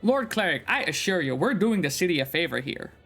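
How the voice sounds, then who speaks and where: A man's voice: on the high side, big pitch swings, brisk, vocal fry, a bit bright, faint music behind, full character voice. A man voicing a cocky blonde youth gang leader, smug and ingratiating.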